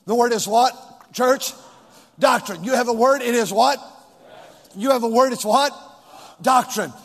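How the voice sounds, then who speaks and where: A middle-aged man preaching a sermon to a large congregation, calling out questions and shouting the answers back with them. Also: very high voice, a little slow. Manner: preaching with call-and-response, rising to shouts. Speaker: pastor. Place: large church with balcony. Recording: long hall reverb.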